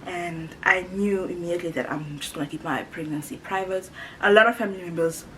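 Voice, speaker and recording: A woman's voice: fairly low pitch, brisk, a little hiss or hum, rough recording. A woman in her late twenties from South Africa, heavily pregnant, chatting animatedly to her viewers and acting out quotes. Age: 20s. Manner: animated, chatty, laughs often, acts out quotes. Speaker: YouTuber. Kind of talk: casual storytelling to camera.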